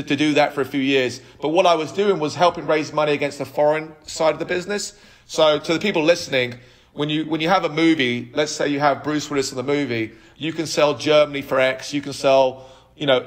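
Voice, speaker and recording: A man in his thirties, a podcast guest telling his life story in an animated way, with frequent restarts. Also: a little high. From United Kingdom. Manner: animated, acts out quoted dialogue, frequent restarts. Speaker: podcast guest, app co-founder.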